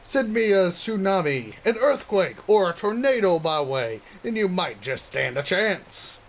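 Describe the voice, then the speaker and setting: A man voicing a boastful young female warrior, raised and proud, slightly hoarse. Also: high voice, sing-song, a little slow, a bit bright, a little hiss or hum, pitched above the performer's own voice, exaggerated voice, rough recording. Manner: proud and bragging, then flustered.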